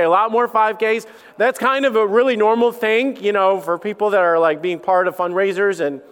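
In a church sanctuary with long hall reverb, a middle-aged pastor preaches in a casual, joking style, his talk full of fillers and false starts. His voice is high-pitched, smooth, and fairly bright.

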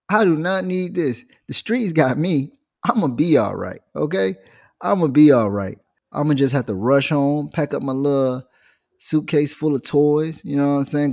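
Male comic, gravelly, animated slangy monologue. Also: medium pitch. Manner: animated slangy storytelling, jumps into voices. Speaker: comedian. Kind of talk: stand-up style comic monologue.

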